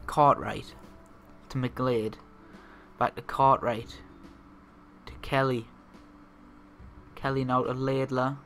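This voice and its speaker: Excitable young man narrating a football sim. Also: medium pitch, takes it slowly, long pauses, a little hiss or hum. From north-east England. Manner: excitable, swings from muttering to shouting and laughing. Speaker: gaming video host. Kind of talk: let's-play commentary over a football management game.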